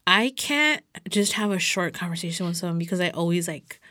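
A woman's voice: lowish voice, animated, fairly quick, pushed and bright, no room sound, clean studio sound. A young adult woman chatting as a podcast guest, rambling loosely with lots of filler words between thoughts. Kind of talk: casual chat.

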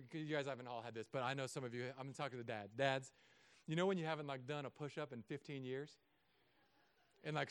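A pastor recovering from Achilles surgery preaches with a fairly high, smooth, resonant voice. His sermon is animated and full of jokes, swinging between loud emphasis and hushed asides.

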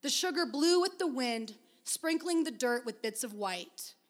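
A woman with a high voice reading a story aloud. Her delivery is measured and expressive, and she takes her time over the narration. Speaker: reader.

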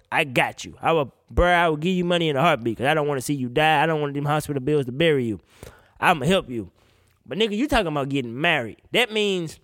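A man's voice: on the high side, a bit bright, no room sound, clean studio sound. A man ranting casually on a podcast, incredulous and swearing often, a bit tipsy. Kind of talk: casual opinion rant.

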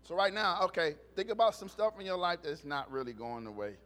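A pastor talks his sermon through like a chat with his congregation, teasing them and getting loud when a story turns funny. His voice sits high and bright and swings around a lot. He is a man with an easy, folksy way of talking. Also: very animated, brisk. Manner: jokes and raises his voice when telling funny stories. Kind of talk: conversational sermon. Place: church service.

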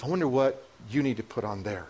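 A pastor preaching a sermon in a church, impassioned and building to emotional peaks, with halting restarts and repeats. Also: male voice, medium pitch, expressive, a little mellow, breathy edge. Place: church sanctuary.

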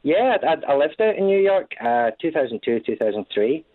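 A man's voice: on the high side, very animated, no room sound. Scottish man on a tinny call. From Scotland. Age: 30s. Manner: halting, with many restarts and repeated words. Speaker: guest. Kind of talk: casual conversational interview. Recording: tinny phone-like line.

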